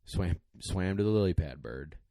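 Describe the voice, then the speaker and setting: A man with a very deep voice tells a long story in casual podcast chat, rambling and getting emotional. He sounds close to tears, his voice catching as he goes on. The sound is dry and close, with no room around it. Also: animated, moderate pace, gravelly, mellow, no echo. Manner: emotional, rambling, choked up at times. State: tearing up. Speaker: podcast co-host, dog trainer.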